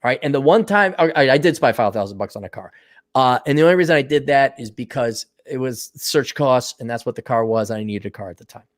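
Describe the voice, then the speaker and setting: A man's voice: medium pitch, lively intonation, quick pace. A middle-aged man hosting a solo podcast, talking casually and bluntly with lots of profanity and sardonic asides, just woken up. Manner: blunt, profane, sardonic, laughs at own jokes. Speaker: podcast host. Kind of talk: casual solo podcast rant, reading listener donations.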